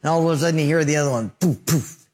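A middle-aged male pastor preaching a sermon, telling lively stories with sound effects and acted-out quotes. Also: a little high, racing, long reverb tail.

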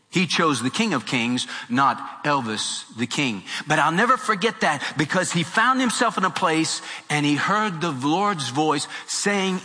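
A male pastor preaching a sermon, telling a story animatedly and driving his points home by repeating them. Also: fairly high pitch. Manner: animated, storytelling, emphatic repetition. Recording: reverberant hall with faint music.

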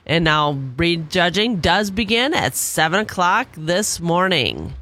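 A woman reading a farm news report on radio in a steady, matter-of-fact way. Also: on the low side, slow.

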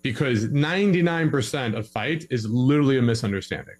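A man's voice: mid-range voice, expressive, fairly quick, rough recording. A young man giving relationship advice in a casual podcast conversation, acting out both sides of a couple's arguments in his stories.

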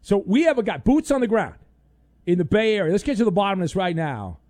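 Jokey sports radio host, dry studio sound. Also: male voice, high-pitched, very animated, quick pace, no room sound. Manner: loose, jokey, bursts into loud mock outrage. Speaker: talk show host.

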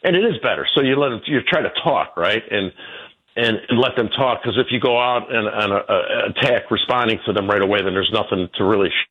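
A man's voice: brisk, narrow, tinny audio. A man in his sixties, a guest on a radio show, telling stories in a rambling way and repeating his words. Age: 60s. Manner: rambling, repeats words, quotes people in a high voice. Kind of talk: casual radio conversation.

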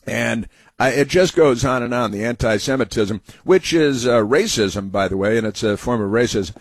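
A man's voice: mid-range voice, lively intonation, normal speed, no room sound. A man hosting a political talk show, rambling and sarcastic, with many fillers and asides. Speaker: radio talk host.

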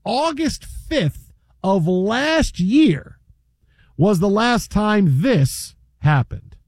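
A man hosting a casual sports talk show, telling animated, joking stories and slipping into mock play-by-play. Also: sits high, very slow, slightly rough, no room sound, clean studio sound. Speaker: podcast host.

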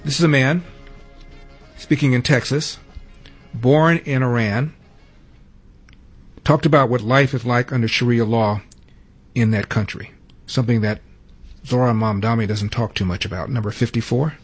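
A male news host giving brisk, matter-of-fact story introductions. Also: mid-range voice, fairly even intonation, husky. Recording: faint music behind.

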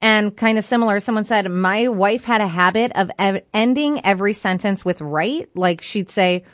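A woman's voice: mid-range voice, normal speed, hardly any pauses, no room sound, studio quality. A woman co-hosting a radio talk show, reading out listener comments and giving frank opinions. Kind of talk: casual radio chat.

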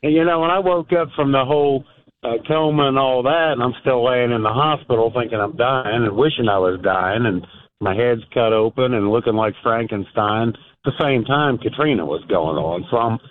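A man's voice: medium pitch, normal speed. A man calling in to a radio show, speaking candidly with a lot of hesitation and fillers. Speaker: guest caller. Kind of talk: casual radio conversation. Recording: tinny phone line.

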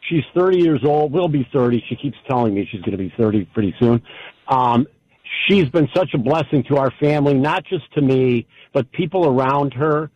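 A man in his fifties calling in to a radio show, speaking warmly and proudly about his family. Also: medium pitch, animated, moderate pace. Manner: warm, grateful, proud parent. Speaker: caller. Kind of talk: call-in radio talk. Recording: dull lo-fi phone line.

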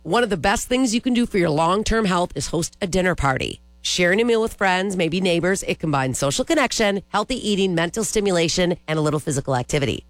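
A man's voice: high voice, animated, quick pace, no echo. A man hosting a country radio show, chatting casually between songs. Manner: chatty, jokey.

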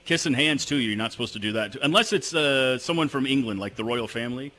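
A man's voice: medium pitch, bright, forceful tone. A man hosting a sports radio show live from a venue, joking and teasing his guests. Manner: joking, teasing and quick to apologize. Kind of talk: lively sports talk radio. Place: live remote broadcast at a venue, in the heat. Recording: music playing in the background.

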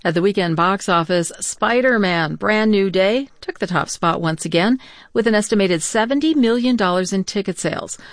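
A female newscaster reading box office headlines in a measured, crisp way. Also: medium pitch, animated, dry recording. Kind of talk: news reading.

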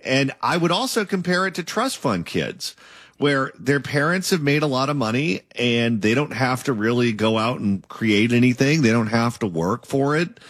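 A man's voice: medium pitch, animated, normal speed, a bit bright, dry recording, clean studio sound. A man interviewing a political candidate and asking long, opinionated questions.

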